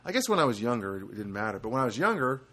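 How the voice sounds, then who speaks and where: Lively rambling middle-aged podcast host. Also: male voice, medium pitch, rapid-fire. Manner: rambling, self-deprecating, many fillers and restarts. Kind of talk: solo rambling podcast monologue.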